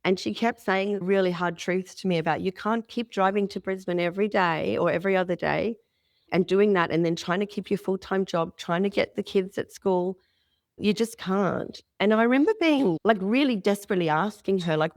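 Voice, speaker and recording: A woman's voice: medium pitch, moderate pace, creaky, dry recording, clean studio sound. A middle-aged woman with an Australian accent, a podcast guest telling a personal story candidly, often restarting her sentences.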